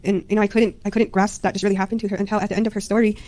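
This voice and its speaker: A woman rushes through a personal faith testimony in a mellow, fairly monotone voice. She sounds hesitant and keeps filling gaps with "you know" and "um". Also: medium pitch. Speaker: mother giving a testimony.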